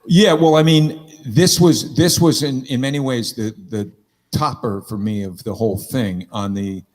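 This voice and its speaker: A man's voice: mid-range voice, steady tone, a little slow, darkish tone. Rambling, swearing middle-aged man. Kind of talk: casual chat.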